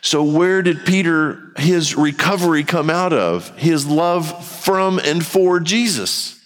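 A man's voice: fairly high pitch, lively intonation, slow pace, fairly bright tone. A man preaching a sermon in a church, talking candidly and conversationally. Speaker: pastor. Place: church sanctuary. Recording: long hall reverb.

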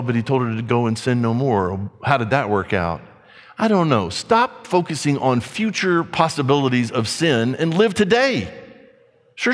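A man's voice: medium pitch, big-room sound. A man preaching a sermon in an emphatic, conversational way, asking rhetorical questions.

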